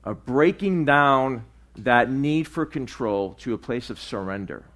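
A man's voice: medium pitch, lively intonation, measured pace, a bit bright. Guy preaching through a bible chapter, casual and rambly, lots of um and uh, keeps asking right?, mid voice. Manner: conversational, frequent fillers and restarts, asks "right?". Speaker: pastor. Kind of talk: sermon teaching through scripture.

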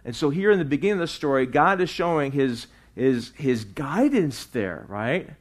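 A man's voice: medium pitch, very animated, normal speed. Chatty man preaching through scripture. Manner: conversational, frequent fillers and restarts, asks "right?". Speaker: pastor. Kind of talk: sermon teaching through scripture.

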